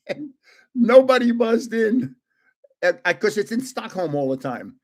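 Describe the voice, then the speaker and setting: High-pitched yet darkish in tone, very animated and slow, an older man chats on his trading card livestream. His anecdotes ramble with self-corrections, and he chuckles frequently between sentences.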